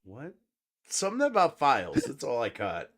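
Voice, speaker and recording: A man hosting a casual late-night podcast chat over a video call. He sounds a little high and tired, laughs often and swears a lot. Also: huge pitch swings, moderate pace, noisy background. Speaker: podcast host.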